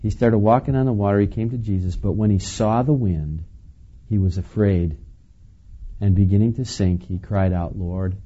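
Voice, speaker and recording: A man preaching a sermon in a relaxed, conversational way, chuckling now and then and asking the listeners questions. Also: lowish voice, moderate pace, muffled recording. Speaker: pastor.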